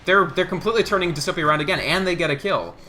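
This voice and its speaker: A man casting a live online game tournament, excitable play-by-play with quick asides and laughter. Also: high voice, slight background noise. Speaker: esports caster.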